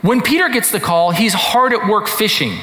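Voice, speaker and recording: A man's voice: sits high, lively intonation, moderate pace, pushed and bright. Male pastor preaching casual-style, lots of "right?", echoey hall. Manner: conversational, lots of rhetorical questions. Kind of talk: sermon.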